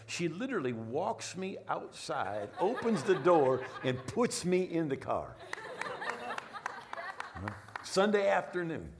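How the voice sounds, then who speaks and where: A middle-aged man preaching a sermon, telling a personal story with lively asides and frequent "right?" checks. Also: fairly high pitch, unhurried, background noise. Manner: animated storytelling, repeats words, asks "right?". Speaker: pastor.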